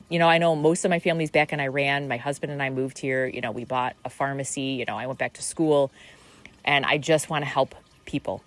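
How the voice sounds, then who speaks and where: A woman's voice: low-pitched, a little fast. A middle-aged woman hosting a podcast, musing in a meandering spiritual monologue full of fillers and restarts. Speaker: podcast host.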